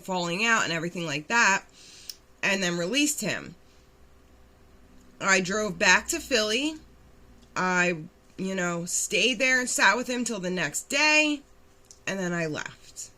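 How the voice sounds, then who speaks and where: Young Philly woman, candid vlog storyteller, bright and punchy, blunt and animated. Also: mid-range voice. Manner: blunt, animated retelling with acted-out quotes and swearing. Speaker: vlogger telling her recovery story.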